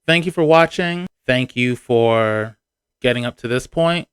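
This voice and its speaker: A man giving sarcastic, animated commentary on a reality TV show in a casual vlog, with punchy emphasis on his points. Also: mid-range voice, unhurried, clear, resonant tone, no echo, clean studio sound.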